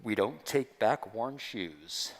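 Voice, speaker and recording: A man voicing a stubborn young male store manager who turns customers away in a slow, deep, flat voice, heard in a big echoing hall. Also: heavily acted. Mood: dismissive. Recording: long reverb of a large hall.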